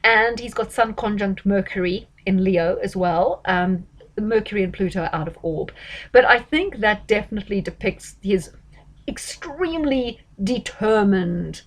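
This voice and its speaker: A woman's voice: mid-range voice, animated, unhurried. A woman giving casual astrology commentary, chatty and emphatic, with frequent fillers and self-corrections.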